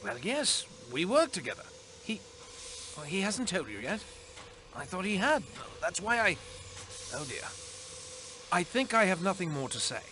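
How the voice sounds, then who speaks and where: A man's voice: sits high, sing-song, a little slow, long pauses, background noise. An actor playing a nervous male train passenger in a video game, stammering and flustered.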